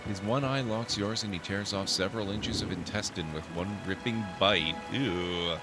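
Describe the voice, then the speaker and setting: Deep-voiced man reading game text. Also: moderate pace. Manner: reads narration aloud steadily, then reacts with dry asides. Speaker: streamer playing a role-playing game. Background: game music.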